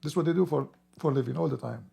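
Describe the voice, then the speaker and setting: A hoarse man who is losing his voice talks in a rambling, emphatic way during a casual livestream, clearing his throat often. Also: mid-range voice, racing, mellow. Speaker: livestream host.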